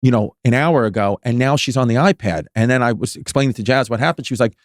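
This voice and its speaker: A man's voice: mid-range voice, fast, no echo, clean studio sound. A man in his thirties, a podcast guest telling a long story in casual chat, restarting often and filling with "like". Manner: rambling storyteller with many restarts and "like"s.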